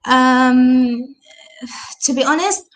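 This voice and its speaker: A woman's voice: high-pitched, drawn-out words. A British woman telling her personal story as an interview guest, hesitant with many restarts, livening up when she quotes people. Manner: hesitant, many restarts and "you know", animated when quoting others.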